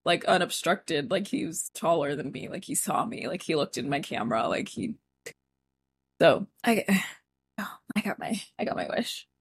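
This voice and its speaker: A woman's voice: low voice, sing-song, normal speed, husky, no echo. A woman co-hosting a podcast, chatting casually and rambling with lots of "like" fillers. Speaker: podcast co-host. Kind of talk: casual chat.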